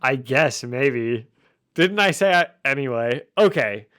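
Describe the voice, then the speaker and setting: A man's voice: medium pitch, animated, takes it slowly, a bit bright, clean tone, no echo, studio quality. A man hosting a podcast, casually recapping a comic with jokes and frequent laughs. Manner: jokey, laughs often while recapping. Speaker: podcast host. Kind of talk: casual chat.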